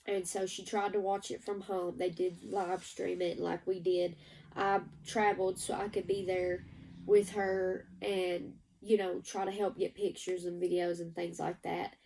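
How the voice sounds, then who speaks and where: Gravelly woman, emotional update. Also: lowish voice, flat delivery, measured pace, darkish tone, recorded from a distance, slight background noise, poor audio. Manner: emotional, rambling, teary at times. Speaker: vlogger. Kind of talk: casual personal update.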